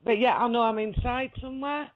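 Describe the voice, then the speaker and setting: A woman's voice: a little high, a little fast. A woman, a guest rambling through a story in a casual chat, laughing often and checking that she is understood. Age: 40s. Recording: lo-fi audio.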